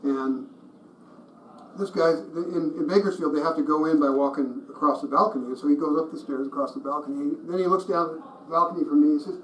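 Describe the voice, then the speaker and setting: A man's voice: a little high, fairly quick. A middle-aged man teaching a group, telling anecdotes in a conversational way with restarts and chuckles. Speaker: pro-life ministry teacher. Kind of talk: storytelling teaching talk. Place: meeting room with a group. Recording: roomy echo, mic at a distance, faint noise.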